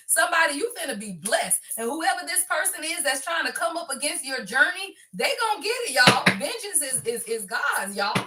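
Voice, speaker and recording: A middle-aged woman gives a chatty, casual tarot reading. Her high voice goes from soft musing to excited bursts, and it sounds bright. She sits a little back from the mic. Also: far from the mic. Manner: chatty, keeps saying "y'all", swings between soft and excited. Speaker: tarot reader. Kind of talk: casual spiritual card reading.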